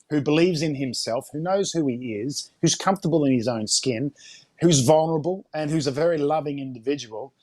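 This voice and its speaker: A man talking in a candid interview, earnest and emotional, halting with fillers as he opens up. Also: a little high, darkish tone, no room sound. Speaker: life and fitness coach, guest.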